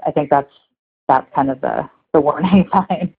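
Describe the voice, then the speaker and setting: Breathy woman on a phone-like line. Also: low-pitched, normal speed. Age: 30s. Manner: earnest, reflective, heavy use of "like". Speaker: guest. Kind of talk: candid conversational interview.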